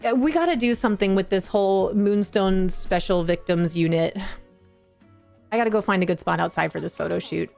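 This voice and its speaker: A woman's voice: medium pitch, a little fast, creaky, a little mellow. A woman streaming a cozy game, chatting with viewers in a bubbly, giggly way. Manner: giggly and bubbly, laughs often, chats with viewers. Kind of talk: casual live-stream chat. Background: faint game music.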